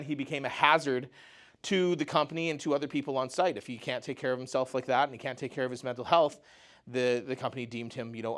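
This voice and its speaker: A man speaking at a mental health talk and telling a personal story in a conversational way, often saying "you know" and "right?". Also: mid-range voice.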